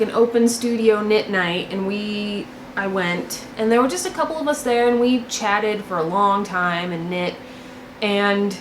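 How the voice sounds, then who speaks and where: A woman's voice: fairly high pitch, fairly bright tone, slight background noise. A young woman hosting a knitting video podcast, chatting casually and gushing about her finished projects, often repeating words for emphasis. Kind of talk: casual show-and-tell chat. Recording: echoey room.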